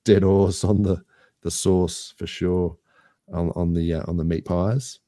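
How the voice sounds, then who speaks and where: An Australian man with a very low, deep voice chats casually on a podcast. He rambles and jokes at his own expense. The sound is close and dry, with no room around it. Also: flat delivery, unhurried, mellow, dry recording. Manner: jokey, rambling, self-mocking. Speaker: podcast co-host. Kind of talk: casual banter.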